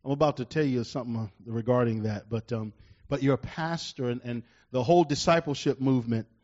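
A middle-aged male pastor preaching a sermon, building to loud emphatic bursts and slowing down to read verses. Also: mid-range voice, muffled recording.

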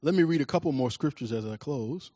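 A man from Washington, D.C. preaching a sermon, telling personal stories with lively acted-out scenes and dropping to a soft, quiet tone when he reflects. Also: medium pitch, fairly quick, no room sound, muffled recording. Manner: animated storytelling, acts out scenes loudly.

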